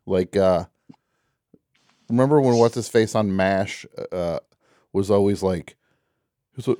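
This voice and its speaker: A man's voice: on the low side, unhurried, long pauses, dark tone, dry recording, studio quality. A man hosting a call-in radio show, chatting in a rambling way with lots of fillers and restarts. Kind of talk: casual call-in radio chat.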